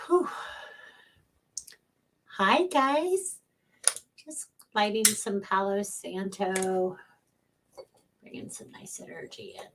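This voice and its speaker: A woman's voice: medium pitch, very animated, slow pace, pauses often, noisy background. A middle-aged woman hosting a casual livestream as a psychic medium, chatting from home, greeting viewers by name and laughing often.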